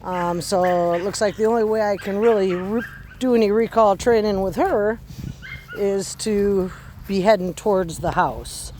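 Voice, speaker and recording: A woman calmly explaining puppy recall training while walking outdoors on her rural property. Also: medium pitch, a little hiss or hum. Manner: calm, unhurried explaining. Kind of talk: casual instructional walk-and-talk.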